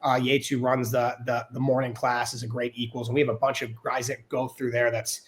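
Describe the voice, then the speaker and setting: A man, a podcast guest, in casual chat, talking in an animated, rambling way with many fillers. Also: medium pitch, a little fast. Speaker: podcast guest, Olympic wrestler.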